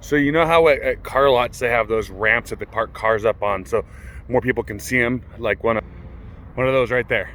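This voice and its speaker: A man's voice: medium pitch, moderate pace, slight background noise. A man working as a car salesman, telling a funny story to the camera outdoors at a car lot in a casual, chatty way. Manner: chatty, animated when quoting others.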